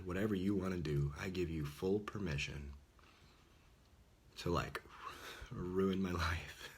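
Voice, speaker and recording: Deep gravelly man, casual preaching. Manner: earnest, informal, often drops to a whisper. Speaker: Catholic speaker. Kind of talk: casual sermon.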